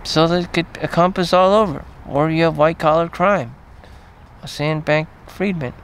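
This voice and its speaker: Gravelly, rambling, profane man. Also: on the high side, a bit bright, slight background noise. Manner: rambling, profane, frequent fillers and trailing pauses. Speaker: vlogger. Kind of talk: casual rambling monologue.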